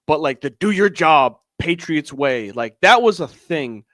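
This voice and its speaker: A man co-hosting a casual sports podcast, animated and often exasperated. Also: fairly high pitch, measured pace, no echo, studio quality. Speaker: podcast co-host.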